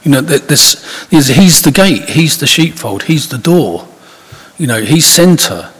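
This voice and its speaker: A man preaches in a loose, chatty way, circling back with restarts and asides. His voice is a little husky. It rings out with a long reverb, as if recorded in a large church. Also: fairly high pitch, expressive, a little slow, a bit bright. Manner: conversational, rambling with many restarts and asides. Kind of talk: informal sermon.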